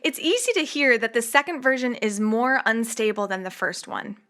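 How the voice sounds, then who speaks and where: A woman hosting a songwriting tutorial, explaining in an upbeat, clear way to the viewer. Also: fairly high pitch, moderate pace, fairly bright tone, a little hiss or hum. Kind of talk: scripted music tutorial.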